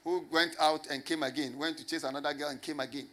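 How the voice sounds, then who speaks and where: A man preaching a sermon to a congregation, emphatic and repetitive, often asking rhetorical questions and slowing down to stress key words. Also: fairly high pitch, steady tone, fairly bright tone, a little hiss or hum. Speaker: pastor.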